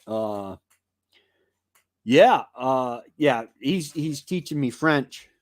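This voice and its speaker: Chatty male live-streamer, lively pitch. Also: extremely slow, no room sound, clean studio sound. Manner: rambling and chatty, greets viewers by name. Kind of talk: casual live stream chat with viewers.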